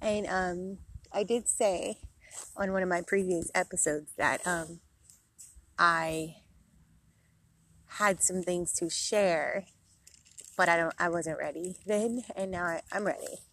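A woman's voice: on the low side, fairly bright tone. A woman in her thirties hosting a podcast, chatting casually and rambling with many fillers, a little out of breath, recorded outdoors at a park. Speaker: podcast host. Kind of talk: casual chat.

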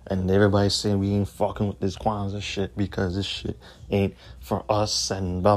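A man's voice: sits low, completely flat delivery, moderate pace. A man hosting his own podcast, ranting in a combative, profane way and repeating his points. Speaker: podcast host.

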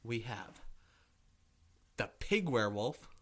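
A man's voice: medium pitch, very animated, slow pace, a bit bright. A man co-hosting a casual podcast, joking and arguing playfully with his co-host. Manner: playful, argumentative banter. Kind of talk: casual comedic chat.

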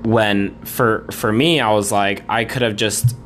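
Low-voiced man rambling on his podcast. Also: steady tone, measured pace, a bit bright, a little hiss or hum. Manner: rambling, blunt and conversational. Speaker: podcast host. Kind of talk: solo podcast monologue.

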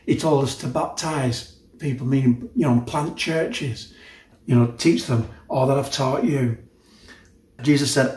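A man's voice: medium pitch, normal speed, darkish tone, echoey room. A man preaching a sermon, earnest and conversational, with frequent asides to the listeners. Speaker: pastor.

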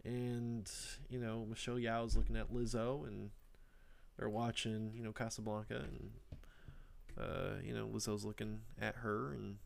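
A man's voice: fairly low pitch, little pitch movement, normal speed, creaky, a little hiss or hum. A man casually telling a made-up film plot for laughs, rambling with lots of fillers and acting out the characters' lines. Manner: rambling, many fillers, acts out quoted lines.

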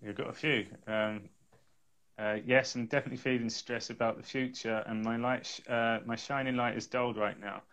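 Hesitant man, mid-pitched voice. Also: fairly even intonation, normal speed, fairly bright tone. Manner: hesitant, reads viewer comments aloud. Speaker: co-host. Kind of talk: casual live-stream talk.

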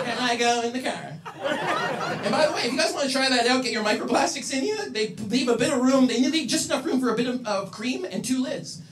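A Canadian man doing a stand-up set, animated and self-mocking, with loud punchlines. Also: extremely high pitch, heavy background noise. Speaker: stand-up comedian. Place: comedy club stage with audience. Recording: roomy club sound from a distance. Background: audience laughter.

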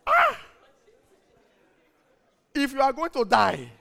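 A male pastor preaches slowly, his pitch swooping wildly and his voice carrying vocal fry. His sermon leans on emphatic repeated refrains and swings between shouted lines and hushed, low ones.

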